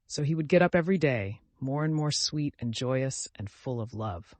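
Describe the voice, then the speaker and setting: A man reading a classic novel aloud as audiobook narrator, measured and gentle. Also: medium pitch, animated, dry recording.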